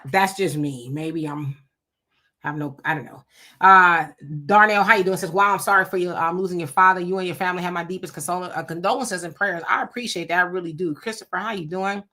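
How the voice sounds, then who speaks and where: A woman hosting a casual livestream, reading out viewer comments and telling animated stories. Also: on the low side, a little fast. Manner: animated storytelling with frequent laughs. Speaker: livestream host.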